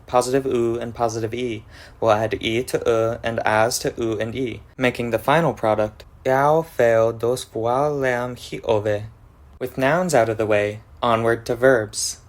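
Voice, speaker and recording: A man giving a methodical, scripted explanation of an invented language, going through worked examples step by step. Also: medium pitch. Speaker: conlang presenter.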